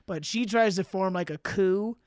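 A man's voice: sits high, normal speed, darkish tone, clean tone, no echo, clean studio sound. A man co-hosting a podcast in casual chat, laughing often, joking and swearing freely. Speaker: podcast co-host.

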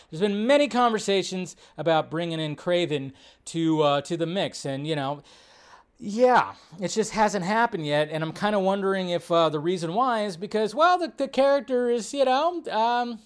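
A man hosting a casual live film news stream, talking in a rambling, chatty way and stopping often to react to the headlines he reads. His voice sits a little high for a man and comes across smooth and clear. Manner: casual and quick, many fillers and restarts.

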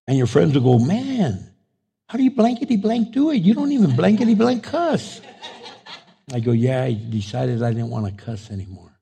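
Middle-aged man pastor, husky and gravelly, lively storytelling preacher. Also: mid-range voice, moderate pace. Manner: animated, acts out dialogue in quoted voices. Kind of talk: storytelling sermon.

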